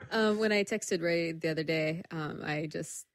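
A woman co-hosting a podcast in casual chat, laughing often and telling stories with animated energy. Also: lowish voice, unhurried, no echo, clean studio sound. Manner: giggly, animated storytelling. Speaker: podcast co-host.

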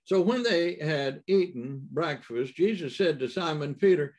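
A man preaching a sermon in a halting way, with many fillers and restarts and emphatic rises. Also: on the high side, lively intonation, a little mellow.

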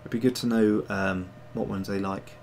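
A man's voice: on the low side, steady tone, moderate pace, a little mellow, slight background noise. A man hosting a casual livestream, chatting to viewers in a rambling way with many fillers and restarts. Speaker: livestream host and digital sculptor.

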